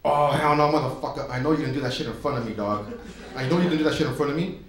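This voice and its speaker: A man's voice: fairly high pitch, fast, natural voice. A man voicing a foul-mouthed, aggressive male traffic cop in a stand-up bit, swaggering and profane. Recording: very echoey live club recording with room noise.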